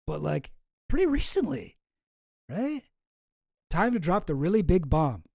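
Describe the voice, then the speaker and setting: A man hosting a casual commentary stream, rambling, sarcastic and quick to swear. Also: a little high, big pitch swings, gravelly, darkish tone, no room sound, studio quality. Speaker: streamer host.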